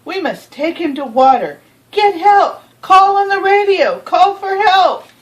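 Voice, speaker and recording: A woman's voice: high-pitched, very animated, slow, lo-fi sound, pitched above the performer's own voice, heavily acted. A woman voicing a frantic young boy in a storybook reading, pleading and breathless.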